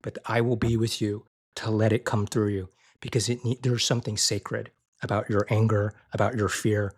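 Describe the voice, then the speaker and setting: A man talking as a podcast guest in an earnest, conversational way, often repeating and restarting phrases, and his voice lifts higher and softer when he quotes tender words. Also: little pitch movement, normal speed. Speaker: guest, physician and IFS therapist.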